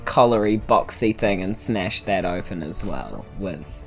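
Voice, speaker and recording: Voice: deep voice, lively intonation, unhurried, soft background music. A New Zealand player in a tabletop game, talking playfully and chattily. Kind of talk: casual tabletop play.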